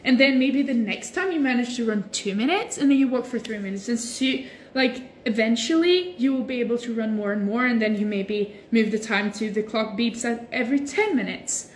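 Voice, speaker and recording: A woman's voice: a little high, brisk, hardly any pauses, a little hiss or hum. Chatty young woman on a phone livestream. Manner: relaxed and chatty, many "like" fillers. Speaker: livestream host. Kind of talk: casual livestream chat answering viewer comments. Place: at home while stretching.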